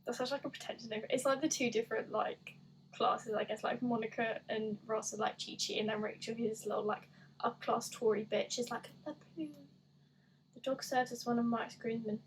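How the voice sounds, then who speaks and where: A woman's voice: a little high, little pitch movement, fairly quick, a little hiss or hum, rough recording. An eighteen-year-old woman chatting casually while doing an online quiz, rambling and self-deprecating with lots of "like". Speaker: gaming YouTuber.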